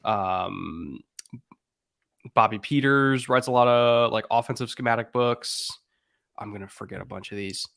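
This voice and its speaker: A man's voice: lowish voice, unhurried, vocal fry, fairly bright tone, no echo, clean studio sound. A man co-hosting a podcast in casual chat, talking loosely, joking and swearing now and then. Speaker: podcast co-host.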